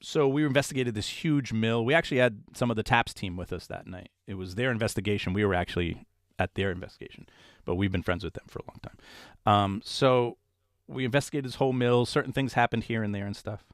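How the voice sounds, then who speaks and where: A man, a paranormal investigator being interviewed, telling stories in a casual, animated way and acting out the voices of people he quotes. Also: on the low side, quick pace, no echo, studio quality.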